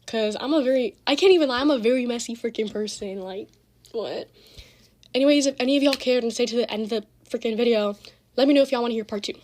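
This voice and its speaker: A teenage girl telling a casual storytime with lots of slang and cursing, animated as she retells the drama. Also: fairly high pitch, fast talker. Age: teens.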